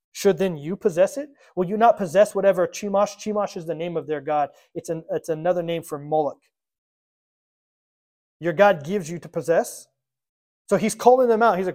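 A man's voice: sits high, fairly quick, darkish tone. A man preaching a sermon, reading scripture aloud and explaining it, acting out the quotes in a casual modern voice. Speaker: pastor.

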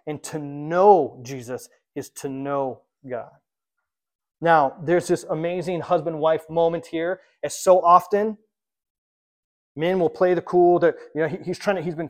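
Preacher guy giving a sermon, kinda high voice, punches some lines loud and drops others soft. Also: moderate pace. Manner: emphatic, animated storytelling with swings in loudness. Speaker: pastor.

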